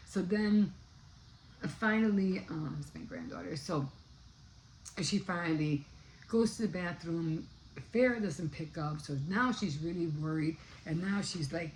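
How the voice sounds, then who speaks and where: Low-voiced older woman rambling through a book recap. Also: unhurried, slight background noise, rough recording. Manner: rambling, searches for words with many fillers. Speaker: book vlogger.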